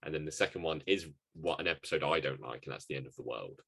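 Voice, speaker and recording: A man co-hosting a casual podcast chat, self-mocking and quick to laugh. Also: extremely low pitch, fairly bright tone, husky. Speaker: podcast co-host and editor.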